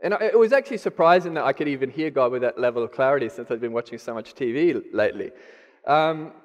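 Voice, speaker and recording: A man's voice: mid-range voice, animated, fast talker, highs cut off. A middle-aged man with an Australian accent giving a candid, self-deprecating sermon testimony. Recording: long hall reverb.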